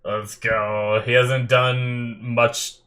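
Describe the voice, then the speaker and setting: A man reacting aloud to an anime episode, exclaiming and thinking out loud, getting teary and emotional. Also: medium pitch, little pitch movement, very slow. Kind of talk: live reaction commentary.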